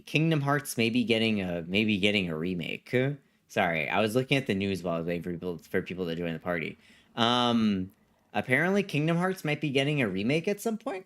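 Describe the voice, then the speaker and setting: A man's voice: fairly low pitch, expressive, moderate pace. A man streaming a video game live, chatting casually with viewers in a rambling way and often repeating himself. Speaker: gaming livestreamer. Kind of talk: casual live-stream chat reading chat messages.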